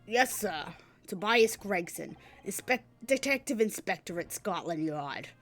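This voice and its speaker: A woman voicing a brisk male police inspector in a game, matter-of-fact in tone. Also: mid-range voice, expressive, fairly bright tone, faint music behind. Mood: businesslike.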